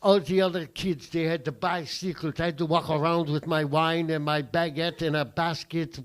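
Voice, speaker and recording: A man's voice: a little high, normal speed, lightly acted. Man doing an indignant French storyteller. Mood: aggrieved. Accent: put-on French. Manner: indignant, deadpan storytelling with profane punchlines. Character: aggrieved French man recalling boyhood. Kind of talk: standup character bit.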